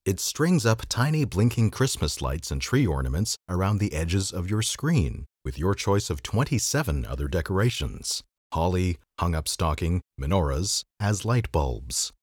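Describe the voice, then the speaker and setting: A man's voice: low-pitched, big pitch swings, normal speed, few pauses, slightly rough, no echo. A man hosting a podcast, reading an old magazine article aloud with a dry, wry delivery. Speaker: podcast host.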